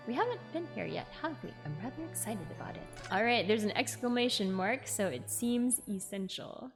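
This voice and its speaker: A woman's voice: on the high side, lively intonation, normal speed, hardly any pauses, soft background music. Chatty woman streaming a game. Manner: chatty, reads game text aloud. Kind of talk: casual gameplay commentary.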